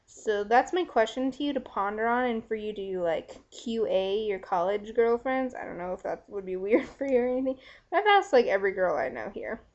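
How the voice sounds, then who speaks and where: A chatty young woman with a slightly high voice, talking frankly to a friend on camera between giggles and fillers. Her voice comes through dull, lo-fi webcam audio. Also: expressive, fairly quick. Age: young adult. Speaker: vlogger. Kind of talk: casual video letter to a friend.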